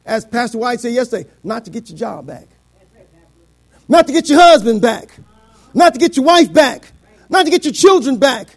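A middle-aged man preaching a sermon, quoting scripture in old biblical wording and swinging between shouted climaxes and quiet, low passages. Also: sing-song, normal speed. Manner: quotes scripture in King James wording.

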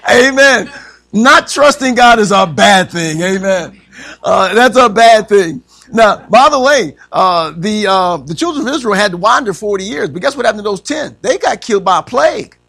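A man's voice: high voice, lively intonation, unhurried, creaky, pushed and bright. A man teaching a church Bible class, quizzing the group and saying amen after nearly every point, with frequent chuckles. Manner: says amen constantly, asks the class questions; chuckles often.

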